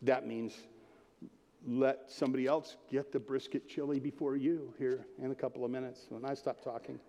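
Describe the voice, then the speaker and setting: A man's voice: mid-range voice, fairly even intonation, moderate pace, mellow. A man preaching a sermon as pastor, casual and jokey, talking straight to the congregation. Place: church. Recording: long hall reverb.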